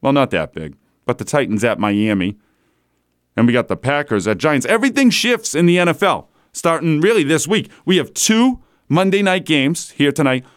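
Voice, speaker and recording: A man hosting a solo sports talk show from a studio, chatting in a casual, animated way and chuckling as he goes. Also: fairly high pitch, moderate pace, clear, resonant tone, no echo. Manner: animated, chatty, laughs between lines.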